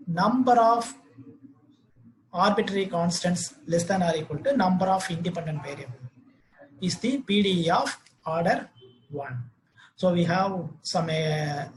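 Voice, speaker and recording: A man gives a math lecture, reading out definitions and equations slowly with hesitant fillers. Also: sits high, a little hiss or hum, rough recording.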